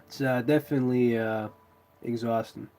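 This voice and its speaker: A man's voice: mid-range voice, steady tone, normal speed, warm tone. A man with a stuffy nose from a cold, chatting in a laid-back way with viewers as host of his live stream. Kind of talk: casual live stream chat.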